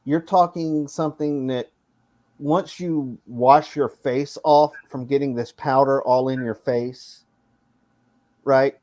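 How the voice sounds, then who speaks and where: A man's voice: mid-range voice, fairly even intonation, slow pace, a little mellow, no echo. Man, dry close sound, detailed talk with restarts. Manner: explains in detail, with repeated restarts. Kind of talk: casual group chat.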